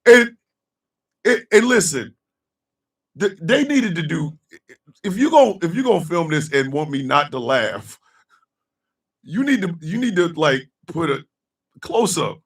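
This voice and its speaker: A man chatting loosely with his livestream chat, telling a story loudly and profanely and often breaking into laughter. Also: on the high side, big pitch swings, unhurried, long pauses, far from the mic.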